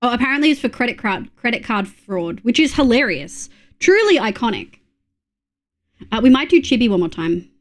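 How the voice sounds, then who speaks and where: A young Australian woman live-streaming a game, with a slightly high voice. She chats freely with her viewers, reads bits aloud and often laughs between lines. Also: very animated, normal speed. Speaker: livestreamer. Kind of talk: casual live-stream chat.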